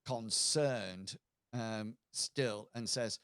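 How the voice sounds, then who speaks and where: Slow, hesitant male game master. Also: mid-range voice, clean tone, no room sound, clean studio sound. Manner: hesitant, many fillers and restarts. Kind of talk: narrating a tabletop game.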